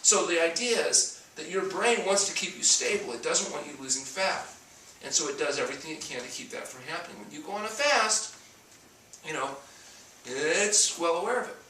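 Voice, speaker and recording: His voice runs on the high side, pushed and bright with lively intonation at a normal speed, as this doctor talks about fasting and health. He plays out the people in his stories through dialogue. The recording, made from afar in an echoey space, has a little background noise.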